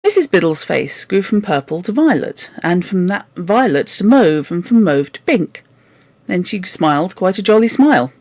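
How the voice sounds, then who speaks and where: A woman's voice: fairly low pitch, sing-song, moderate pace, a little mellow, dry recording. A woman reading a children's novel aloud for a book club, with wry, joking asides.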